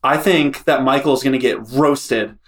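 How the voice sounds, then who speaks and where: A man's voice: mid-range voice, fairly even intonation, a little slow, a little hiss or hum. A man on a casual podcast, playful and teasing the hosts. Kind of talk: casual chat.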